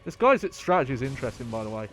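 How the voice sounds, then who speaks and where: A man's voice: medium pitch, very animated, rapid-fire, a bit bright, faint music behind. A man streaming a video game, rambling casually and chatting with his viewers. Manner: rambling, chatty, swears and laughs. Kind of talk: casual gameplay commentary.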